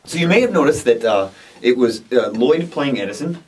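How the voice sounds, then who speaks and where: Casual male co-host, husky voice, mid-range, rambling and upbeat, picked up from a distance. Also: mid-range voice, animated, normal speed, a little mellow. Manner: upbeat, rambling, restarts often. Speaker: co-host of a comedy rap video series. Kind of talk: casual chat. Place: their recording studio. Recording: voice a bit far from the mic.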